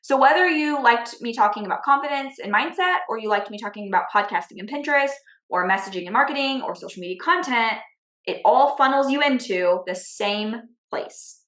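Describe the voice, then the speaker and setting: Animated woman coach in a roomy space. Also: fairly high pitch, fairly quick. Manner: energetic, checks in with "okay?" and "right?". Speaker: business coach and podcast host. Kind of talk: teaching with personal storytelling. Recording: roomy echo.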